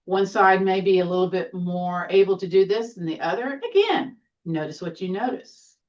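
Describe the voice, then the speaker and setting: A woman teaching a seated tai chi class, giving gentle, encouraging cues with playful exclamations. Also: lowish voice, normal speed, distant mic, lo-fi sound. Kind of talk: guided exercise class.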